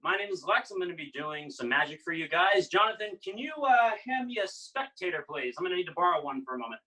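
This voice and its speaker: Bright, playful man doing magic patter. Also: high voice, animated, fast, distant mic, low-quality recording. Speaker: illusionist performing. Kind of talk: patter for a live online magic act. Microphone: video call.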